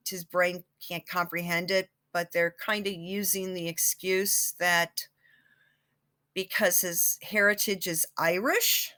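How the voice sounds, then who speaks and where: A woman with a medium-pitched, sharp voice hosts her own psychic channel. She chats casually and rambles, full of fillers and restarts.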